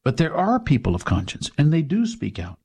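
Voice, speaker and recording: A man's voice: fairly high pitch, wildly swooping pitch, fairly quick, dark tone, slightly rough. A man hosting a talk radio show, delivering an indignant, mocking monologue.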